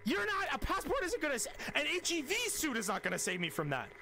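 Man voicing an exasperated hero, high, excitable, pitch jumping around. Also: fast talker, creaky, heavily acted. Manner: flustered, swearing, pleading. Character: exasperated young male scientist hero.

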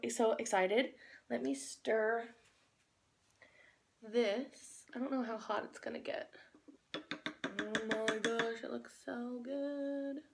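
A young woman vlogging into her phone, chatting in a bubbly, rambling way and talking with her mouth full while she eats. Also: fairly high pitch. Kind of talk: casual chat while eating.

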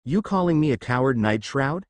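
A man's voice: medium pitch, expressive, moderate pace, no room sound, close to an everyday voice. A man reading as a harsh, bitter ninja mother. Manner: harsh, retorting.

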